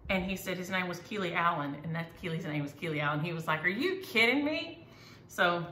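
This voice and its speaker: A woman's voice: sits low, sharp tone. A middle-aged woman, chatting casually and enthusiastically as she shows her needlework. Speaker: needlework vlogger. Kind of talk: casual chat. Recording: echoey room, faint ambient noise.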